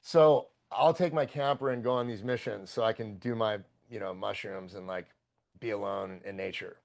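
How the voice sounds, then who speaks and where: A man, a podcast guest, telling a long story in a casual, profane, excitable and rambling way. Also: lowish voice, moderate pace, gravelly.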